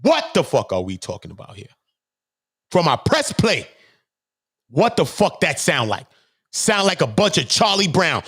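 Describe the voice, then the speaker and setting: A man hosting his own channel, delivering a heated, profane commentary rant that swings between low muttering and high-pitched shouting. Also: huge pitch swings, measured pace, long pauses, husky. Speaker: channel host.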